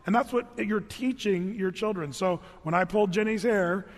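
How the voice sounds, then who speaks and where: A man pastor giving a storytelling sermon in an animated, conversational way with joking asides. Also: high-pitched, normal speed, big-room sound.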